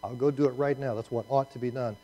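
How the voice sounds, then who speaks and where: A man voicing a blunt, eager army commander in a retold Bible story, speaking insistently and a little lower and softer than his teaching voice. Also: fairly even intonation, fast talker, close to an everyday voice.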